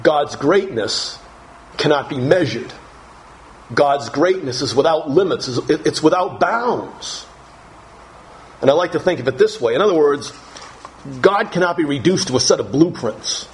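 A man preaching a sermon with a lively, swinging pitch and a somewhat high voice. He reads scripture aloud and leans hard on key phrases, his voice rising with emphasis. A faint hiss of noise sits under the recording. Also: measured pace, long pauses, poor audio. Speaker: pastor.

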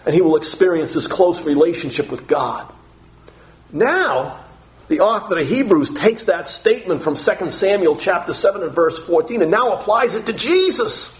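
A man preaching a sermon, earnest, often repeating words and slowing down for emphasis. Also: high voice, expressive.

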